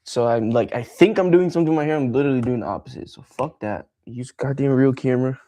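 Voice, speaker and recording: A man's voice: medium pitch, quick pace, mellow. A man ranting on a casual livestream, frustrated and swearing freely as he rambles. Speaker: streamer.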